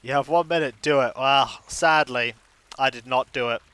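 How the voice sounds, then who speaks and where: A male streamer chatting over his gameplay, drifting into silly tangents and poking fun at himself. His voice sits at an ordinary middle pitch with a bright, forward edge. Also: normal speed, clear, resonant tone, dry recording. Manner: rambling, jokey, self-mocking asides. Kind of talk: casual gaming stream commentary.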